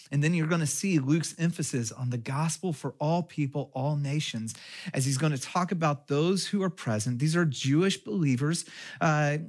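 A man's voice: on the high side, a little mellow. A pastor from Texas, giving a sermon in a conversational way and asking questions of his listeners. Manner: conversational preaching with rhetorical questions.

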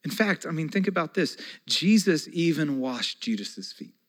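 A man in his forties preaching a conversational sermon as a pastor, moving between soft, slow passages and loud, excited ones. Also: a little high, low-quality recording.

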